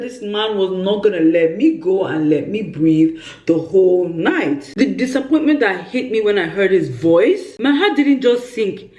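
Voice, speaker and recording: A young woman tells a story in a vlog, theatrical and full of exaggeration. Her voice sits in a middle pitch. The room adds a clear echo around her. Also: measured pace. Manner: animated, dramatic, exaggerated storytelling. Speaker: vlogger. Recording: roomy echo.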